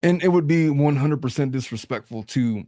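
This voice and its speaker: A man's voice: medium pitch, normal speed, dark tone, no echo, clean studio sound. A man hosting a casual podcast chat, talking bluntly and animatedly and swearing freely. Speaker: host.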